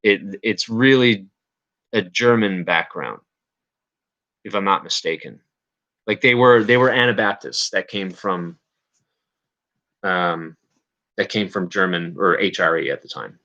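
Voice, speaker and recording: Low-voiced man rambling on a livestream. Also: unhurried, long pauses, bright, forceful tone, dull audio. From Canada. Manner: rambling, hesitant, self-correcting with many fillers. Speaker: livestream host. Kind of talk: casual livestream chat.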